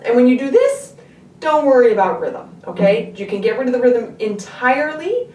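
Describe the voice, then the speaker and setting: A woman giving a step-by-step music lesson, patient, often pausing to check that the learner is following. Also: on the high side, sing-song, darkish tone. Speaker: string teacher. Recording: echoey room, distant mic. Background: her own instrument playing between phrases.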